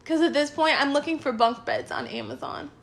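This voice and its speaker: A woman's voice: sits high, fairly quick, gravelly, a bit bright. A young woman rambling frankly to her viewers in a casual, self-mocking confessional rant. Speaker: vlogger.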